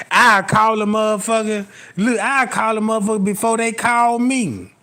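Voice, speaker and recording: A man's voice: sits high, fairly even intonation, slow pace, pushed and bright. A young man telling a crude, rambling comic story, laughing at his own jokes and constantly checking whether the listener follows him. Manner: profane, rambling, keeps asking "you know what I'm talking about".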